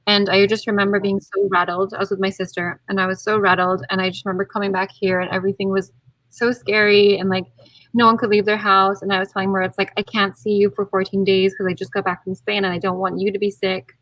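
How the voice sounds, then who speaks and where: A young woman, a bride-to-be, chatting casually on a video call and acting out her own quotes with lively swings. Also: medium pitch, quick pace, dry recording, poor audio. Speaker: guest, bride-to-be. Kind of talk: casual chat.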